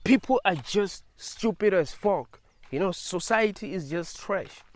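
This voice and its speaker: A man's voice: sits high, lively intonation, unhurried. A man talking casually to his viewers in a rambling monologue, laughing often and leaning on fillers. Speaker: video creator.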